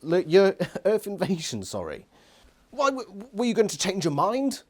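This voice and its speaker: A man's voice: sits high, huge pitch swings, measured pace, a little mellow. Sweary man ranting animatedly. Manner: exasperated, sweary, sarcastic. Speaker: book reviewer. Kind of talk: ranting book review. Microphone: phone nearby.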